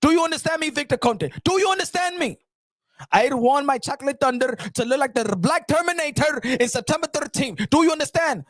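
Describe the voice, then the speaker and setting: A man's voice: extremely high pitch, expressive, brisk, no echo, studio quality, voice pushed down. A man doing a comic impression of a scheming, bossy middle-aged boxing promoter who barks demands and repeats himself. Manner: demanding, repeats questions, bursts into shouts.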